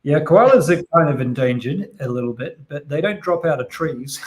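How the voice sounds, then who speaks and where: A man from New Zealand with a mild New Zealand accent, talking fast and chatty as a podcast guest. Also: on the high side, animated, noisy background. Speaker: guest analyst. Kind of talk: casual podcast conversation.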